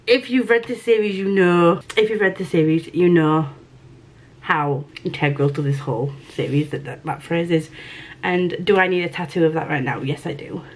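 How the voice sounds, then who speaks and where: A woman book vlogger chatting casually through a mail unboxing, gushing and excitable, with casual swearing. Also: on the low side, normal speed. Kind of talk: casual unboxing and reading vlog.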